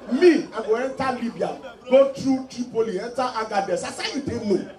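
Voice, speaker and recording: A man doing stand-up comedy in Nigerian Pidgin English, acting out his characters in animated voices. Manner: animated, acts out characters in a shrill high voice. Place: live comedy show. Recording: roomy live venue, mic from a distance, audience noise.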